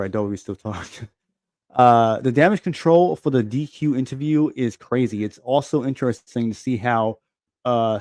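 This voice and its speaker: A man's voice: mid-range voice, a little mellow, dry recording. A man co-hosting a casual gaming podcast, rambling loosely and swearing often. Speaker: podcast co-host. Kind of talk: casual chat.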